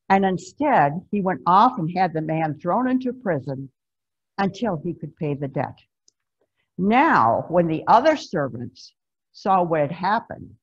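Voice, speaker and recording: A woman's voice: lowish voice, breathy edge. A woman pastor preaching a sermon in a conversational, emphatic storytelling way, over a video call. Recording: dull lo-fi video-call recording.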